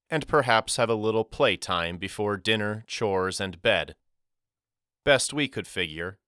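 A man narrating a first-person audiobook story in a wry, measured storytelling manner. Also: lowish voice, pushed and bright, smooth, dry recording, clean studio sound.

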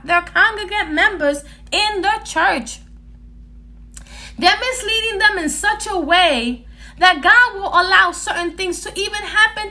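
Bright high-voiced woman preaching. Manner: preachy, emphatic, repeating phrases in runs. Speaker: podcast host. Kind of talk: Bible teaching podcast.

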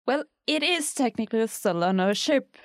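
Woman player, blunt, sarcastic delivery; higher pitch, dry close sound. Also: expressive, moderate pace, no room sound. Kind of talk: in-character tabletop play.

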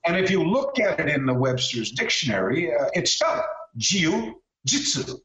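Animated older man telling stories. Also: fairly high pitch, normal speed. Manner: animated, acts out quoted voices, many restarts. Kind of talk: casual anecdotal storytelling. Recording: echoey room, dull lo-fi call audio.

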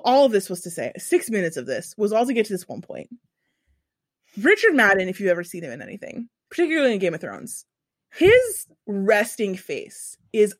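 A young woman chatting casually as a podcast host, telling an animated, profane story full of asides. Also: medium pitch, no room sound, clean studio sound. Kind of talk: casual chat.

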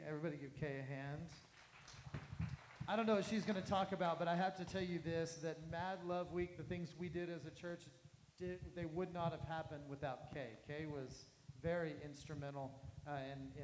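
A pastor with a fairly high male voice leads the service in a casual, encouraging way. The sound is echoey, with a clear hiss underneath. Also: steady tone, moderate pace. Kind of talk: leading a church service. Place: church.

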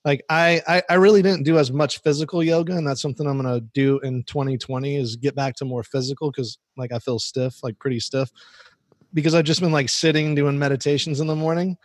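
A man's voice: a little high, steady tone, a little fast, no echo, clean studio sound. A man hosting a podcast, chatting casually in a rambling way that is full of "like" and restarts. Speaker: podcast host. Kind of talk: casual chat.

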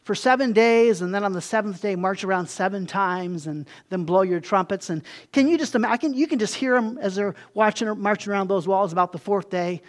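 A man preaching a sermon in a relaxed, conversational way, slipping into quick acted-out asides. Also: sits high. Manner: conversational, acts out voices in quotes, animated asides. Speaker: pastor.

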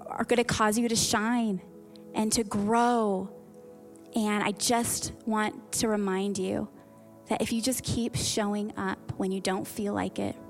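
A woman pastor preaching a sermon in an earnest, encouraging way. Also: mid-range voice.

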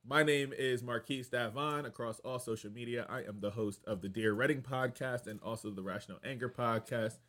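A young American man hosting a casual recap podcast, animated and playful, laughing often. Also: mid-range voice, brisk, hardly any pauses. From United States. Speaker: podcast host.

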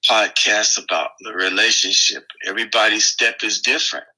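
A man co-hosting a casual spiritual podcast, thinking aloud in halting phrases with many fillers and restarts. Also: fairly low pitch, steady tone, bright, forceful tone, breathy edge, rough recording. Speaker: podcast co-host.

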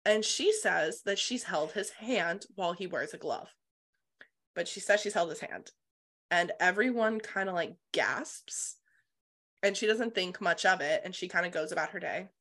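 Bright-voiced woman retelling a book. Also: lowish voice, normal speed. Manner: animated retelling, swears freely, filler 'like'. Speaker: podcast co-host. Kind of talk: casual book-club chat.

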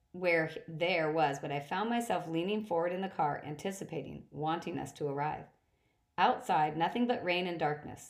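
A woman narrating a first-person adventure story with a fairly low voice. She reads steadily, now and then stumbling and restarting a phrase. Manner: steady reading with occasional slips and restarts. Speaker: audiobook reader.

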